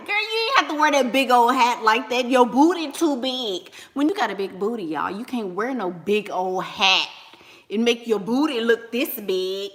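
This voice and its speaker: A woman's voice: a little high, animated, normal speed, a bit bright. A woman, chatting casually and animatedly to viewers, slangy and laughing often. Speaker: online business coach and vlogger.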